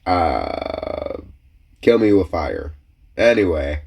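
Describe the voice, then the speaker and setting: A man's voice: deep voice, wildly swooping pitch, drawn-out words, vocal fry, a little mellow, a little hiss or hum. A young man hosting a reaction video, making joking, self-mocking asides as he comments casually.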